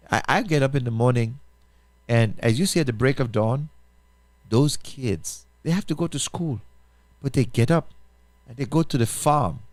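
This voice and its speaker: A pastor hosting a talk show, speaking, makes an impassioned appeal full of repetition and rhetorical questions. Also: male voice, medium pitch, darkish tone, no room sound. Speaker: pastor and radio show host.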